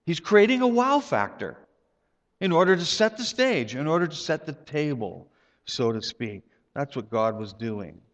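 A man delivers a sermon from the pulpit, moving between explanation and playful storytelling. His voice sits a little high for a man. The sound carries a long reverberant tail, as in a church sanctuary. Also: normal speed, lo-fi sound. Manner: storytelling, animated with playful asides. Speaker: pastor.

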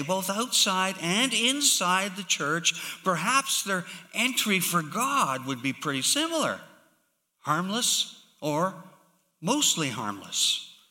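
A man preaching a sermon, slow and emphatic, with sudden drops to hushed tones. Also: medium pitch. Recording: long hall reverb.

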